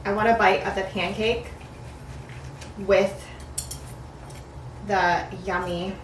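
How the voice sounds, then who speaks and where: A woman's voice: medium pitch, steady tone, slow pace, slight background noise. A young woman chatting casually in a cooking vlog, talking while she eats and walks through ingredients. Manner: chatty, talks while eating. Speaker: vlogger. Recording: echoey room, mic at a distance.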